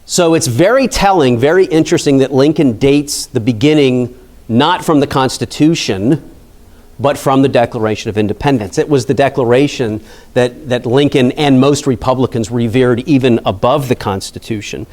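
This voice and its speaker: A man's voice: medium pitch, moderate pace, a little mellow. A man from Pennsylvania, a national park site manager, giving a conversational history lecture to an audience, chatty and full of asides and questions to the listeners. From Pennsylvania, USA.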